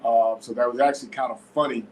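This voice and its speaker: A man's voice: medium pitch, steady tone, quick pace, a little hiss or hum, poor audio. Laid-back male podcast host from Florida. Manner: laid-back, frequent fillers like "man" and "you know". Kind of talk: casual podcast interview.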